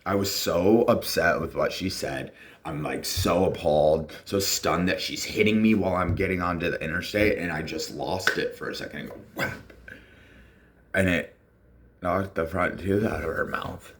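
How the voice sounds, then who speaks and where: A man's voice: deep voice, normal speed, slight background noise. A man casually telling a personal story, rambling with fillers and acting out what people said.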